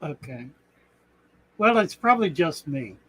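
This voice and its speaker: Male host, unhurried and rambling, bright and slightly husky, easygoing stream chat. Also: a little high, sing-song, a little hiss or hum, poor audio. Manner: rambling, chuckling, thinks aloud while searching. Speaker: aquarium channel host. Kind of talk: casual live-stream chat.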